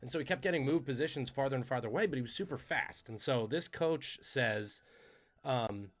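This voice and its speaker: A man hosting a podcast, telling trivia stories in a casual, animated, conversational way. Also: mid-range voice, quick pace. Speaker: podcast host.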